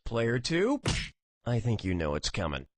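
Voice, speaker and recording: A man voicing a wisecracking, sarcastic male trivia game show host with snarky, mock-enthusiastic quips, over loud game music. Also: mid-range voice, huge pitch swings, a little slow. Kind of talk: scripted game dialogue.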